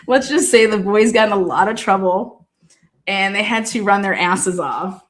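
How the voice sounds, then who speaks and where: A woman's voice: medium pitch, wildly swooping pitch, slow. A woman hosting a show who rambles through casual stories, swearing freely and laughing often. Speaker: host. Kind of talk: casual storytelling.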